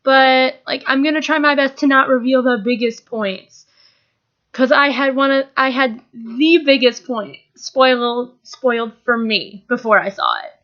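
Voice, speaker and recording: A woman's voice: high-pitched, fairly even intonation, a little slow, a bit bright, highs cut off. A young woman giving a casual, rambling, enthusiastic spoken film review, often restarting her sentences. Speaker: movie reviewer.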